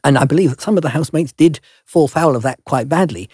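A man's voice: fairly high pitch, fast, a little mellow, husky, dry recording, studio quality. An older man, a guest telling stories in a chatty, self-deprecating way in an interview. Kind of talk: relaxed storytelling in an interview.

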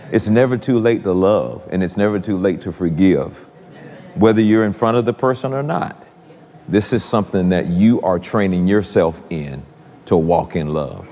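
Conversational preacher in a big hall. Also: male voice, low-pitched, dark tone. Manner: conversational, repetitive, addresses congregation directly. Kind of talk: sermon. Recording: long hall reverb.

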